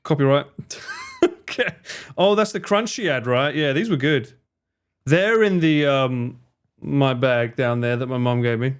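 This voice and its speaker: A man's voice: mid-range voice, unhurried, smooth, faint music behind. Incredulous swearing streamer, a man. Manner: swears a lot, laughs, incredulous. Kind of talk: live reaction stream.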